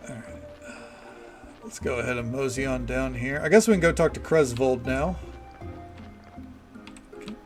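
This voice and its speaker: A man's voice: medium pitch, moderate pace, pauses often, faint music behind. A man, chatting casually and rambling while he streams a game. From American South. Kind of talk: casual livestream commentary.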